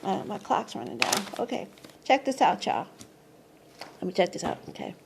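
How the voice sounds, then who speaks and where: A woman explaining a number and letter method in a casual monologue, excitable and slangy, who swears, laughs often and keeps asking "okay?". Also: normal speed, vocal fry, background noise. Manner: rises to high squeals of surprise. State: tired, sleepy at times. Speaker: numerology vlogger.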